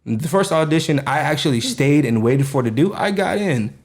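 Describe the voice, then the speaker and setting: A man's voice: fairly high pitch, expressive, normal speed, a little mellow. A young man with a New York accent, a podcast co-host in casual, laughing chat among friends, swearing freely. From Jamaica, Queens, New York.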